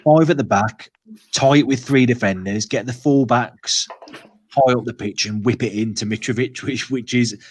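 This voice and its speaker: A man's voice: medium pitch, normal speed, breathy edge. A man hosting a football podcast, chatting casually and hesitantly with many restarts. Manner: hesitant, lots of filler and restarts. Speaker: podcast host.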